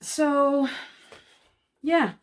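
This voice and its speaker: A middle-aged woman with a Dutch accent, showing her cross-stitch in a casual vlog and often pausing to find her English words. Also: high voice, steady tone. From Netherlands. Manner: halting, searching for English words. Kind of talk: casual show-and-tell vlog.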